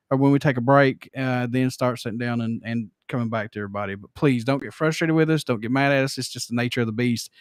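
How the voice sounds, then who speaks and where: A man hosting a podcast in a loose, rambling, folksy manner. His voice is smooth and resonant, recorded close and dry with no room sound. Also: medium pitch, no echo. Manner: rambling, folksy, plain-spoken. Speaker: podcast host. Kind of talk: casual chat.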